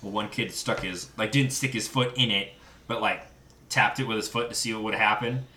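A man's voice: lowish voice, fairly even intonation, moderate pace, sharp tone. A young man in casual chat, telling rambling, profane stories with lots of restarts. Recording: echoey room, mic at a distance.

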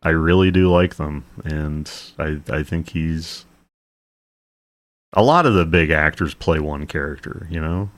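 Deep-voiced rambling man. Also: unhurried. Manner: rambling, laughs a lot. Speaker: podcast co-host. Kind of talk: casual chat.

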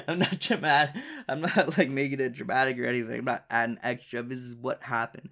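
A man's voice: medium pitch, fairly even intonation, fairly quick, vocal fry, few pauses, fairly bright tone. A young man hosting his own podcast, telling a personal story in a casual, profane, exasperated way, with frequent laughs between lines. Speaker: podcast host.

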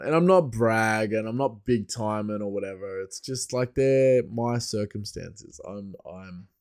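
A man's voice: on the low side, a little mellow, dry recording, clean studio sound. Chatty Australian man, laughing and rambling. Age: adult with a young son. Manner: chatty, laughs often, meandering asides. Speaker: podcast host. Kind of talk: casual rambling monologue.

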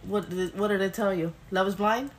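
A woman's voice: medium pitch, steady tone, fairly quick. A woman co-hosting a podcast, bantering playfully and joking in casual chat. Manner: playful, joking, sing-song asides. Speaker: podcast co-host.

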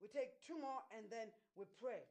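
A woman's voice: fairly high pitch, moderate pace, dark tone, low-quality recording. A woman preacher giving a sermon, emphatic and repetitive, often checking whether her listeners understand. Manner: emphatic, repeats phrases, asks listeners if they understand.

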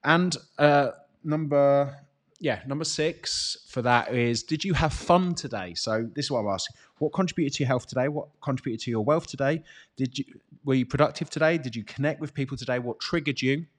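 A man's voice: medium pitch, a little fast. A British man in his thirties coaching people on fitness and mindset in a loose, chatty way. He talks bluntly and with energy, swearing freely as he makes his points. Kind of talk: casual motivational talk.

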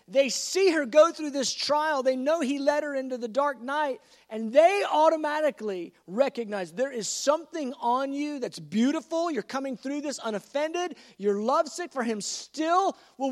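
A man preaching a sermon, telling a story in an animated way and acting out the voices of the people in it. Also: very high-pitched, long reverb tail. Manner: animated, acts out voices in stories.

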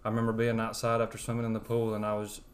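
Earnest young Alabama man on a podcast, low-pitched, monotone, thick Southern drawl. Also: racing, slight background noise. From West Alabama. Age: young adult. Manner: earnest, rambling with fillers. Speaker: podcast guest. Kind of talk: sharing a personal testimony.

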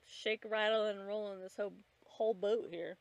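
A woman's voice: mid-range voice, steady tone, normal speed, no echo. A woman co-hosting a podcast, chatting casually while they watch a movie, sardonic and swearing freely. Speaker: podcast co-host.

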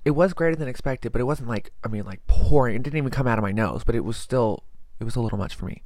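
A man's voice: mid-range voice, fast talker, few pauses, darkish tone, no room sound. A young man who is a student teacher, chatting casually and rambling anxiously in a vlog. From American South. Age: young adult. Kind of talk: casual chat.

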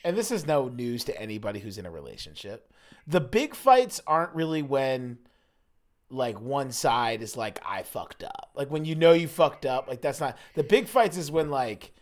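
A man's voice: medium pitch, big pitch swings, moderate pace. A man hosting a podcast in casual chat, loose and jokey, often trailing off with fillers. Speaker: podcast host.

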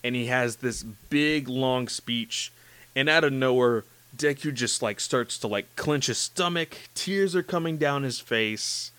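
A man hosting a casual chat about anime, gushing and excitable, with lots of "like" and "you know". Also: medium pitch, measured pace, clear, resonant tone, no echo. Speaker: podcast host discussing anime.

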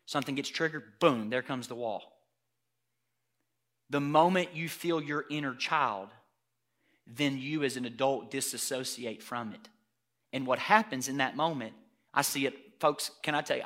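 Bright-voiced pastor preaching a sermon. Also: male voice, mid-range voice. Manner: swings from hushed, intimate asides to loud, emphatic preaching. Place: church hall before a congregation.

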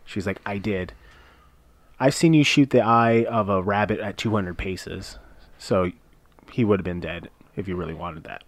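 A podcast co-host with a low voice talks at a normal speed in a dry recording. He's casually recapping a TV episode, walking through the scenes one by one and saying "uh" a lot.

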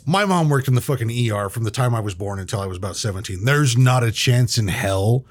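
A man's voice: medium pitch, brisk. A man chatting casually and animatedly, swearing freely and acting out quotes. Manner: animated, profane, acts out quotes. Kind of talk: casual chat.

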